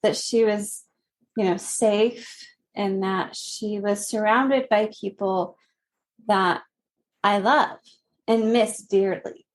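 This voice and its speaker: A woman in her thirties telling a personal story as a podcast guest, earnest and gently laughing between phrases. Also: mid-range voice, steady tone, slow.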